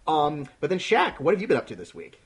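Husky, laughing male podcast host. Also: a little high, huge pitch swings, fast talker. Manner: laughs often, loose and rambling. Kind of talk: casual chat.

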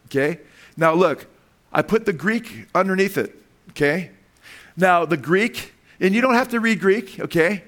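A man preaching a sermon to his congregation, pausing to ask questions and walk them through slides word by word, with frequent "okay" and "right". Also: high voice, lively intonation, a bit bright. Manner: emphatic, asks the congregation questions. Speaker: pastor.

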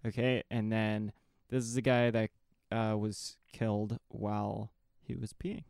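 A man co-hosting a casual chat, reading news stories aloud in a steady, deadpan way and giving short dry replies. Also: fairly low pitch, a little slow, gravelly, clean tone, no room sound. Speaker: podcast co-host reading news.

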